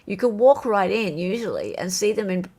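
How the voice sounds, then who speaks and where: A woman hosting a live chat show, her talk full of swings in pitch as she reads out viewer comments and reacts. Her voice has a slightly gravelly, fry-tinged edge, and she keeps the tone loose and conversational. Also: normal speed. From Australia. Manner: animated, chatty, reads viewer comments aloud. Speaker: host. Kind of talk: casual livestream chat reading comments.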